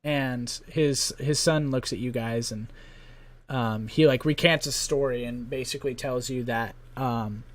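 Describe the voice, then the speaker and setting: Man, game master, casual narration, filler-heavy, mid-pitched. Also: fairly even intonation, unhurried. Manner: casual, many fillers and likes.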